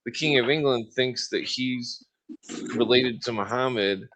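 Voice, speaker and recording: A man's voice: medium pitch, unhurried, fairly bright tone, rough recording. A man chatting as a podcast guest, rambling and restarting his sentences often. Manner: rambling, restarts often, talks over others. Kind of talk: casual podcast chat.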